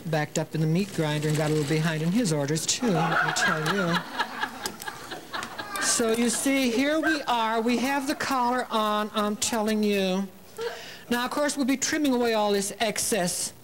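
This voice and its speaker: A man's voice: sits high, moderate pace, very noisy. Joking man hosting a sewing show. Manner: chatty, tells corny jokes and laughs at them; coaxing, talks to the fabric and the thread. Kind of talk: TV sewing demonstration.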